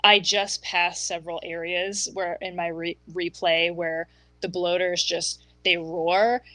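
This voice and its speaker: A woman's voice: fairly low pitch, little pitch movement, a little slow, pushed and bright, no echo, poor audio. A woman on a podcast, explaining things with eager enthusiasm and plenty of um and like. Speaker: podcast co-host. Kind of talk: casual chat.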